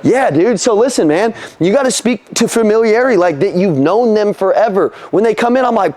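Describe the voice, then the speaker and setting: Running a sales training meant to motivate, a young man talks in a high voice that sits bright. He's animated and fairly quick, rarely pausing, as he curses casually and keeps quizzing his audience.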